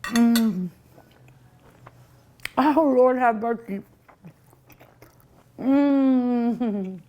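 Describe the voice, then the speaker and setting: A woman's voice: on the high side, slow. A woman hosting a cooking show, tasting her food with many delighted mmms and chatting to her dog and her viewers. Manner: sometimes talks with mouth full. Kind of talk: casual food tasting vlog.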